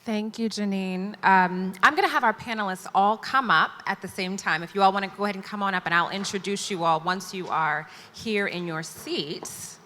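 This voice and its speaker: A woman's voice: mid-range voice, moderate pace, few pauses, bright, forceful tone. A woman moderating a conference panel, introducing the guests in a chatty, playful way. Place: large conference hall stage. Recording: long hall reverb.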